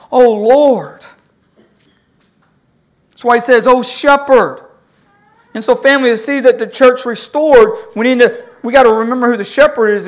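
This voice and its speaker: A pastor preaching an impassioned sermon, calling for amens from the congregation and swinging between loud cries and hushed, low lines. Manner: call-and-response with the congregation.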